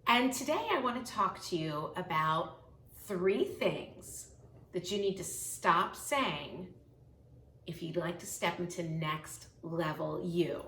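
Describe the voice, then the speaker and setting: An emphatic woman in her fifties gives a motivational coaching talk to camera. Her voice is bright and forceful. The room echoes, and she sits a little back from the mic. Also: on the low side, expressive, takes it slowly, far from the mic, a little hiss or hum. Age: 50s. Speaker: health coach.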